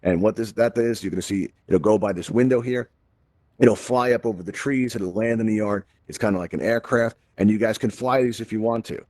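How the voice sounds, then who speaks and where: A man's voice: fairly low pitch, a little fast, darkish tone, dry recording. A man hosting a live virtual-reality tutorial, explaining steps in an upbeat, jokey way. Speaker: host and instructor.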